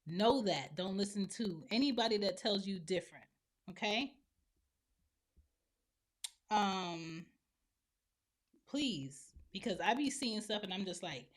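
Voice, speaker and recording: A woman's voice: medium pitch, expressive, a little slow, pauses often. Blunt woman podcaster airing opinions. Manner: blunt and opinionated, acting out other people's lines. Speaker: podcast host and mother. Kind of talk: solo opinion monologue.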